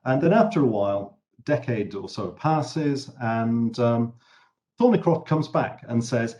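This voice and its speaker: A man's voice: mid-range voice, expressive, measured pace, warm tone, highs cut off. A man giving an informal history lecture in a chatty, wry way, full of fillers. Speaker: webinar presenter.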